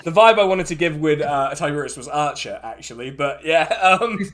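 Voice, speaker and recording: A man running a tabletop game as dungeon master, relaxed and laughing, with many fillers. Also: a little high, moderate pace.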